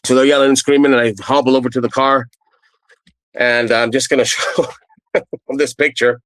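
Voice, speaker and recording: A middle-aged man from Canada, a guest telling his own story in a blunt, lively way and acting out what others said. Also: normal speed, no echo, low-quality recording. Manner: re-enacts quoted people with raised pitch, blunt and profane. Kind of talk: animated personal storytelling.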